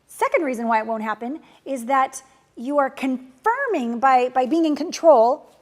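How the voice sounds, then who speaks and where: A woman with a fairly high voice coaches her students through a course lesson. She talks bluntly and casually, drops the odd swear word, and swings from loud, emphatic pushes to soft, tender stretches. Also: lively intonation, brisk. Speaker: relationship and manifestation coach.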